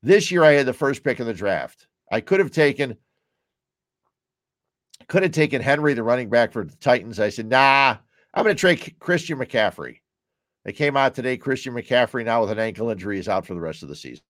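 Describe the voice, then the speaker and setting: A man's voice: medium pitch, animated, quick pace, a bit bright, no room sound, clean studio sound. A man with a Chicago-area American accent hosting his own show, chatting casually and rambling from topic to topic while sipping a beer at home. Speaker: podcast host. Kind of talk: casual solo chat while drinking beer.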